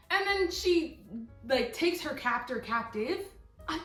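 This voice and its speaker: A young woman vlogger reviewing books in casual, excited chat, full of fillers and quoted asides. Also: high voice, moderate pace. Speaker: book vlogger. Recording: echoey room, faint music.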